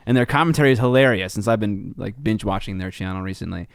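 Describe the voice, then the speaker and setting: A man co-hosting a casual podcast, relaxed and chatty, with many fillers. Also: lowish voice, fast talker, gravelly, dry recording, studio quality. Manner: relaxed, chatty, filler-heavy with likes and ums. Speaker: podcast co-host.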